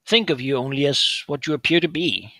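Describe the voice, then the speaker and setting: A man voicing a calm, curious older brother with an arcane mind, who asks his questions in an earnest, measured way. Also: a little high, no room sound, voice pushed up.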